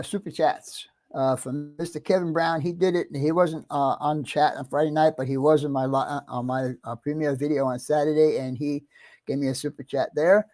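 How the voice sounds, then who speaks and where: A middle-aged American man hosts a casual livestream, chatty and easygoing, greeting viewers one by one and clearing his throat often. His voice is a little high with a darkish tone.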